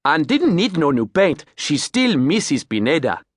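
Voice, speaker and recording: A man voicing a tall, wiry male river boat captain with a Creole accent, speaking loudly in clipped, emphatic phrases. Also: fairly high pitch, very animated, moderate pace, no echo, studio quality, pitched above the performer's own voice. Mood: boisterous.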